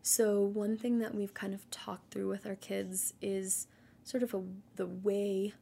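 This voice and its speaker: A woman in her thirties hosting a solo parenting podcast, earnest and practical, often dropping into a breathy near-whisper. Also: medium pitch, little pitch movement, a little slow, dark tone, a little hiss or hum. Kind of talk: casual solo podcast talk.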